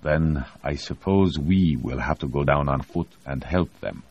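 A cautious rover pilot with a wry, ironic edge, as a man puts him on in a raised, husky voice. He questions orders warily. The audiobook audio is muffled and lo-fi. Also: a bass voice, measured pace, exaggerated voice. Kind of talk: audiobook reading. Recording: dull lo-fi audio.

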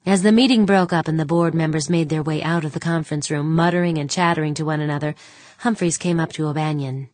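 A woman with a low voice narrates an audiobook in a steady, measured way. The recording is close and dry. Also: dry recording. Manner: even, measured storytelling. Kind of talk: scripted narration.

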